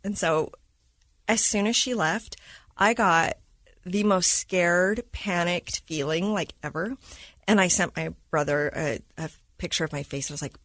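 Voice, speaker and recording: A woman who is a mother of school-age kids, a podcast guest telling a personal story in a lively way and acting out what people said. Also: lowish voice, normal speed, no echo. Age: adult mother of school-age kids. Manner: lively retelling that acts out quoted dialogue.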